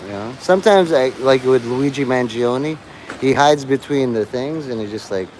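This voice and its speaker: A middle-aged man talks on and on outdoors in the rain, crude and profane, in a voice of ordinary pitch. His rambling monologue jumps from topic to topic. Faint street and traffic noise runs under him. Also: normal speed, rough recording. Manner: rambling, crude, swears loudly at the sky.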